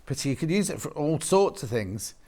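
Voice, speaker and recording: A man's voice: fairly high pitch, big pitch swings, brisk, dark tone. A man presenting on a TV shopping channel, chatty and jokey, bantering and repeating prices. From West Midlands, England. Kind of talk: live shopping TV sales patter. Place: TV studio.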